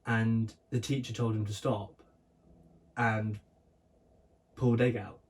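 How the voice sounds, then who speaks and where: A man's voice: lowish voice, little pitch movement, takes it slowly, recorded from a distance. A young man co-hosting a casual podcast, telling stories in a rambling way with lots of fillers and restarts. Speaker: podcast co-host. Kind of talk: casual chat.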